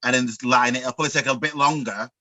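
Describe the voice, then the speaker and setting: A man's voice: medium pitch, fast talker, bright, forceful tone, no room sound, rough recording. A man with a Northern English accent, guest drag makeup artist, chatting camply and giggling over a video call from home. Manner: camp, chatty, giggly, calls people girl and love. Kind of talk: casual video call chat. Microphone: computer mic on video call.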